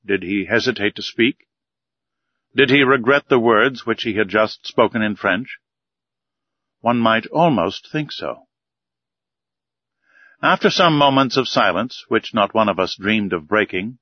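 A man reading a classic adventure novel aloud in a measured, even storytelling manner. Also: on the low side, dry recording, lo-fi sound. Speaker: audiobook narrator. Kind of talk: scripted narration of a classic novel.

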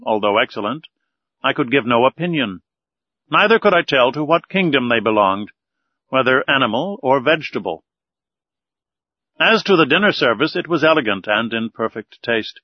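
Measured male audiobook narrator, dull audio. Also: medium pitch, dry recording. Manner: measured, deliberate reading. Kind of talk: scripted narration. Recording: dull, lo-fi recording.

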